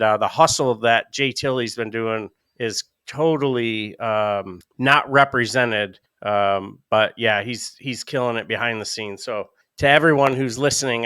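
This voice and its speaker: A man co-hosting a podcast, telling a story in a casual, animated way, laughing often. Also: mid-range voice, smooth, dry recording. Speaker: podcast co-host. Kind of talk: casual chat.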